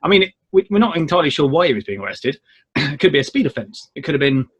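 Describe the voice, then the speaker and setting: A man with a slightly husky voice co-hosts a casual show. He talks in a loose, rambling way full of fillers, and his pitch rises and falls a great deal. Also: fast talker. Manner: rambling, filler-heavy, lively intonation. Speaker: co-host. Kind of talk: casual chat show talk.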